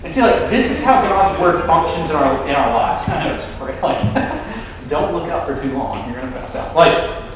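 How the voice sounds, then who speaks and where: A man delivers a sermon as a campus minister, with animated, chatty phrasing. His voice sits a little high for a man and carries a long, booming echo from a distant mic in a big hall, with faint room ambience behind it. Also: normal speed, slight background noise. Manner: animated, conversational, many fillers.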